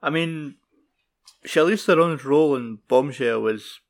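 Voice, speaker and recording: A man in casual podcast chat, halting and repeating words, with some swearing. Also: fairly high pitch.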